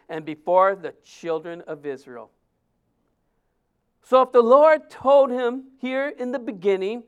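Smooth, high-voiced male preacher. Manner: conversational, emphatic, acts out quotes. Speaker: pastor. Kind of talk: sermon.

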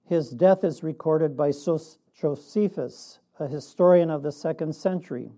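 A man preaching a sermon in a measured way, with a laugh now and then. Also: fairly high pitch, dark tone. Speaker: pastor.

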